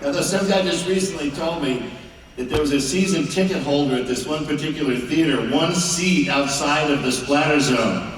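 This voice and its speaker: A man's voice: on the high side, normal speed. Sardonic man in an echoey hall. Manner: sardonic, teasing the audience. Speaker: guest answering fan questions. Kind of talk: convention Q&A panel. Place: large indoor convention hall. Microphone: filmed from the audience on a far camera. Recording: echoey hall recorded from far off, crowd noise.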